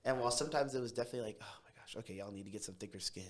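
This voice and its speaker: A young man from Tacoma, a podcast guest telling his story in a quick, brash, animated way. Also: fairly low pitch. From Tacoma, Washington. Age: young adult. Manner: fast, brash city talker who speeds up when excited. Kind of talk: casual storytelling interview.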